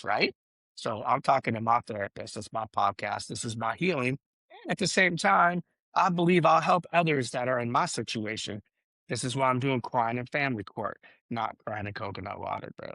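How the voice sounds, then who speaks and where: Ranting middle-aged man with a lively voice. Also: medium pitch, vocal fry, no room sound. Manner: ranting and emotional, swears, says "bro" constantly; rambling with restarts. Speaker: podcast host. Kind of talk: solo podcast monologue.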